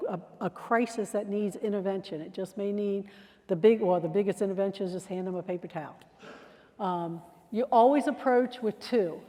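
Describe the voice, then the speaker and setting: A woman trainer talks through security procedures with a conversational, down-to-earth delivery. She sometimes acts out the phrases people might say. Her voice is dark and mellow, and it carries a long reverb from a large room. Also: fairly high pitch. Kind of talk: training presentation.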